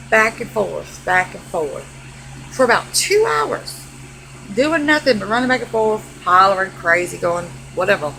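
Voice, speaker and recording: A woman's voice: a little high, slight background noise, low-quality recording. A young adult woman vlogger giving a sassy, exasperated comedic rant straight to camera. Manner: sassy, exasperated, animated delivery.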